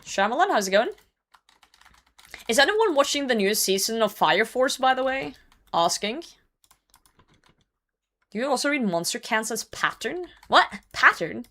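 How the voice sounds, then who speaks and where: A woman's voice: on the high side, big pitch swings, measured pace, pauses often, a bit bright. A young woman streaming a game and chatting casually, reading chat messages aloud and laughing often. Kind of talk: casual gaming livestream chat.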